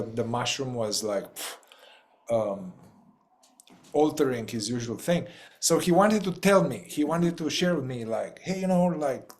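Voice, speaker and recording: A man facilitating a group talk over a video call, casual and playful, often laughing and trailing off mid-thought. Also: mid-range voice.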